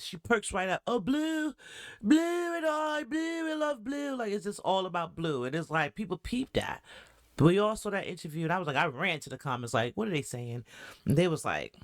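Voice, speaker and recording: Casting: woman podcast host, talkative and animated, close dry mic. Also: low voice, dry recording. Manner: chatty, animated, asks the audience questions. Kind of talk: reaction commentary.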